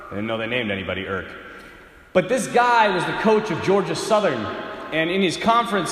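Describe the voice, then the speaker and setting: Animated priest preaching in an echoey church. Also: male voice, high-pitched. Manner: animated, acts out voices in stories, shouts for emphasis. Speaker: priest giving a parish mission talk. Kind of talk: sermon with storytelling. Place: large church with long reverb.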